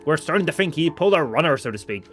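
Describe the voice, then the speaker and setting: A man's voice: a little high, expressive, very fast, a bit bright, faint music behind. A man reading the lines of a polite, chatty hotel receptionist in a video game. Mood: informative.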